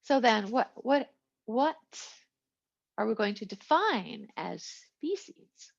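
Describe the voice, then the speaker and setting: A woman's voice: on the high side, big pitch swings, slow pace, gravelly. A woman teaching a biology lecture in a chatty style, with asides and small jokes. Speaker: biology instructor. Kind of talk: recorded lecture. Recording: lo-fi, muffled recording.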